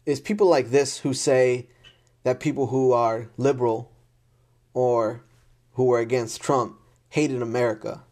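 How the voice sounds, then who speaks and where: Speaking a little slowly in a steady, slightly mellow voice of medium pitch, a man rants to camera unscripted. He's blunt and exasperated, swearing frequently and repeating himself in frustration.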